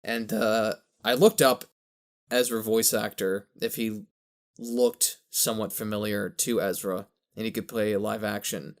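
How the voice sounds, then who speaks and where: A man's voice: lowish voice, fairly even intonation, a little slow. A man co-hosting a podcast in casual chat, rambling and correcting himself, with a slight lisp. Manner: rambling, self-correcting, laughs at own jokes. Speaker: podcast co-host.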